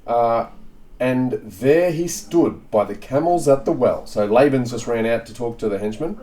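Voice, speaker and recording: A man's voice: medium pitch, lively intonation, moderate pace, dark tone, low-quality recording. A man co-hosting a podcast, reading a story aloud and riffing on it in a playful, swearing, casual way. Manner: playful, swears, laughs off slips. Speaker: podcast co-host reading scripture. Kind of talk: casual comedic reading and banter.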